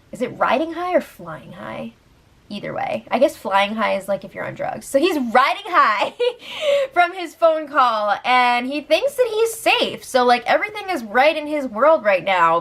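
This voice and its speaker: A woman's voice: a little high, fairly bright tone. A young woman hosting a casual recap show, chatty and giggly, with lots of fillers. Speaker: host recapping a reality show.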